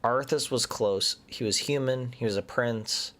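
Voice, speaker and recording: A man's voice: mid-range voice, unhurried, fairly bright tone, faint music behind. A man giving casual commentary as he plays a game, chatting and thinking aloud, sometimes muttering nervously under his breath. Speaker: gaming streamer.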